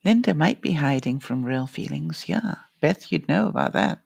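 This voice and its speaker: Woman life-coach vlogger, very gravelly, dry close sound, encouraging live-stream talk. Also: low-pitched, expressive, moderate pace, darkish tone, no room sound. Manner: earnest, encouraging, addresses viewers by name. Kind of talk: live-stream pep talk answering chat.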